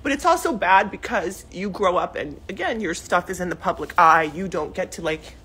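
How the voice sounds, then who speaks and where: In a long, emotional live video, a woman in her forties rambles unscripted from her clothes-strewn living room, full of fillers and restarts, as a mother speaking out online. She has a fairly low, slightly rough, somewhat bright voice, expressive and at normal speed.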